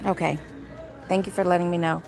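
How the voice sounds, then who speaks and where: A woman's voice: fairly low pitch, fairly even intonation, a little fast, creaky, a little mellow, poor audio. A woman live-streaming casually from a craft store, musing aloud as she browses, chatty and easygoing. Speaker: vlogger. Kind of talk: casual live-stream chat while shopping.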